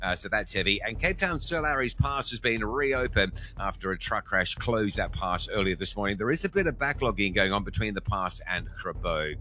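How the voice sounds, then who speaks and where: A man reads a radio traffic report in a lowish, bright, forceful voice. He is brisk and to the point, with faint ambient noise behind him. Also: animated.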